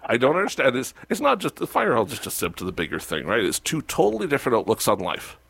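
A man speaking as a local municipal official in a casual radio interview, animated, with sarcastic asides. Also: mid-range voice, quick pace, gravelly, dry recording.

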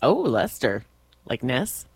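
A woman co-hosting a casual radio chat, playful and quick with jokes, often laughing. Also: extremely low pitch, huge pitch swings, gravelly, slightly rough, no echo. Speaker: radio co-host.

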